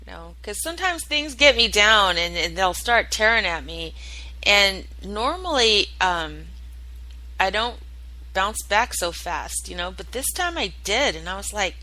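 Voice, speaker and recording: A woman hosts her own internet radio show, talking loosely and chattily with plenty of fillers and an offhand curse now and then. Her voice is bright and sharp, and her pitch sits at an ordinary level. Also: very animated, a little slow, poor audio. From United States. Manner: rambling and chatty, with many fillers and swearing. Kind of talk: casual solo chat, answering listener chat.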